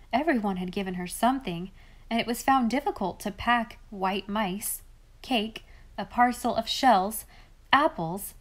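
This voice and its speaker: Woman reading a storybook aloud. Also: medium pitch. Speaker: audiobook reader. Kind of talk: storybook narration.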